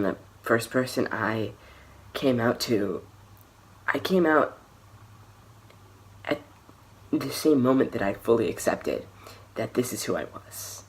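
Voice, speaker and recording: A young man vlogging a personal story to the camera, candid and hesitant, often restarting and trailing off into softer phrases. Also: mid-range voice.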